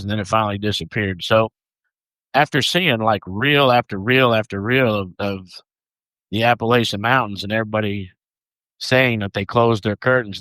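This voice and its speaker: A man's voice: lowish voice, a bit bright, no echo, poor audio. A man with a Southern US accent co-hosting a podcast, telling stories in an easygoing, joking way. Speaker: podcast co-host. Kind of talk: casual podcast chat.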